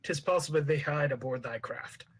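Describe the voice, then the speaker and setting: A man's voice: on the high side, moderate pace, husky. A man reading a scheming male alien viceroy's lines in commanding Shakespearean verse. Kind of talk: table read in Shakespearean verse.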